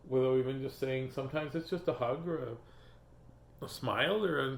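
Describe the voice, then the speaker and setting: A man's voice: mid-range voice, normal speed. A man reading children's books aloud as host, with playful, joking asides. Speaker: children's book reader and host. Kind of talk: reading aloud and casual chat. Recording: echoey room.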